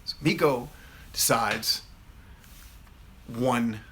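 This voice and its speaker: A man in his thirties hosting a live Q&A, telling a casual story in an animated way and acting out his own replies. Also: mid-range voice, drawn-out words, slight background noise. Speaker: host of a live Q&A.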